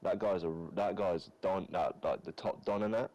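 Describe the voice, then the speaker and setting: Deep streamer, crude slangy trash talk with mates on chat. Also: male voice, moderate pace, dark tone, lo-fi sound. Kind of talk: casual banter with friends on voice chat.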